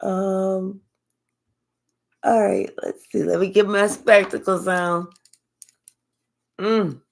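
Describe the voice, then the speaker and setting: Slow-talking older woman reading live. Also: mid-range voice, vocal fry. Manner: slow, relaxed, affectionate, thanks viewers by name. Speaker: spiritual reader hosting a live stream. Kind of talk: casual live-stream chat.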